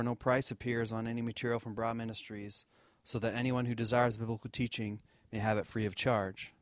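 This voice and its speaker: A man speaking as a church deacon, giving an earnest offering talk with fillers and restarts and a lively told story. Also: mid-range voice, no room sound, studio quality. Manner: earnest, loose, many fillers and restarts, livens up telling a joke story.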